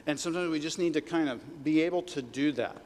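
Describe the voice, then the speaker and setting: A male pastor gives a sermon in a relaxed, conversational way, often tossing out "right?" and "okay?" to the room. His voice sits a bit high for a man. A long reverb from a large hall trails behind his words. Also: quick pace.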